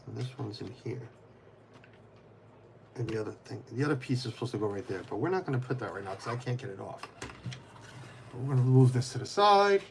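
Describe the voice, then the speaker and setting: In a creaky, mid-range voice with a little hiss or hum in the audio, a livestreamer chats casually while building. He rambles and restarts many times, answers viewers by name, and mutters to himself while fiddling with pieces.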